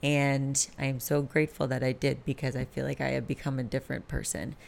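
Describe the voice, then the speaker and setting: A woman's voice: very deep voice, fairly even intonation, a little fast, vocal fry, darkish tone, slight background noise. A woman in her late twenties hosting a candid, rambling late-night solo podcast, swearing freely. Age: late 20s. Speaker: podcast host.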